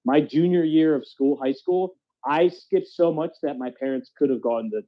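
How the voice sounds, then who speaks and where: Podcast host, man, a bit high-pitched, excitable and profane, dull lo-fi recording. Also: normal speed. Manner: animated, swearing, restarts often. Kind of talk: casual chat. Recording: dull lo-fi audio.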